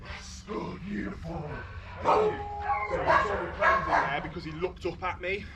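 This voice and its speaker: A British man working as a dog trainer, explaining his methods while giving firm short commands and high praise to a dog outdoors. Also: moderate pace. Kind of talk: outdoor training demonstration with commentary. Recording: distant outdoor mic with heavy noise.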